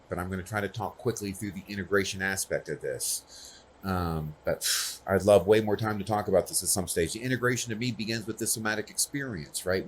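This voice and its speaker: A man's voice: fairly low pitch, slight background noise. A man speaking earnestly and personally at a conference, often checking in with the audience. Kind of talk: conversational conference talk.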